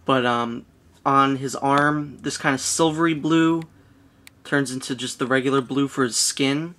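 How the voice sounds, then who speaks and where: Male toy reviewer, average pitch, laid-back and hesitant, casual delivery. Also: unhurried. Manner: hedging, relaxed, with frequent fillers.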